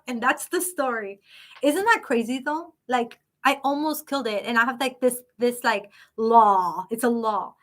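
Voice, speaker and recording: A woman hosting a live psychic stream, chatting casually and telling stories in an animated way. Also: fairly high pitch.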